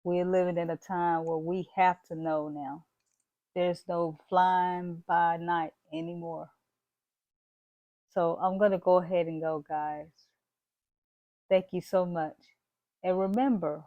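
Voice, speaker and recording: A woman's voice: lowish voice, fairly even intonation, slow, long pauses, warm tone, dry recording. A woman vlogging straight to her viewers in a bold, preachy, emphatic manner, dropping "y'all" and "baby" along the way. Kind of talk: casual motivational talk to camera.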